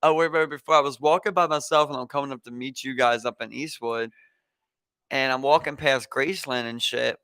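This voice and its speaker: Lively young Baltimore man telling a story. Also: mid-range voice, fairly quick, clear, resonant tone, dry recording. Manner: animated, profane street slang, acts out quotes. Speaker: podcast host. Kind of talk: casual chat, storytelling.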